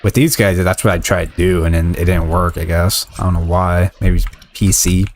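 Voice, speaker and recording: A man's voice: low voice, steady tone, moderate pace, a little hiss or hum. A man casually commenting while he streams a video game. He swears a lot, rambles and gets fired up easily.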